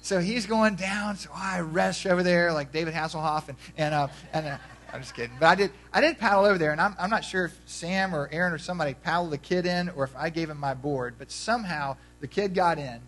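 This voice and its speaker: A man's voice: a little high, fast, a bit bright, poor audio. A man pastor giving a conversational sermon, telling a story and speaking directly to the congregation.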